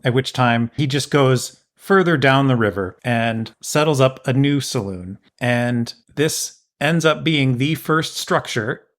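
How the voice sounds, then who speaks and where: A man's voice: mid-range voice, unhurried, few pauses. A man in a middle register tells a history story as a podcast host. His delivery is casual and explanatory, with a dry, lightly sardonic edge.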